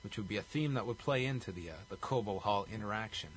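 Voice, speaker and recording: A man's voice: on the low side, fast, slight background noise. A man co-hosting a casual podcast, recapping a wrestling show with a wry, chuckling delivery. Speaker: podcast co-host.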